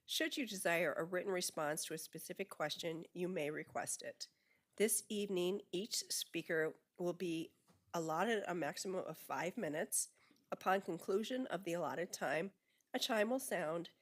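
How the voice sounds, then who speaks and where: A woman running a public board meeting, her voice a little low for a woman. She reads the formal rules from a prepared statement, steady and procedural. Her voice is heard through a desk microphone in a meeting room. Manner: measured and procedural. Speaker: school board president chairing the meeting.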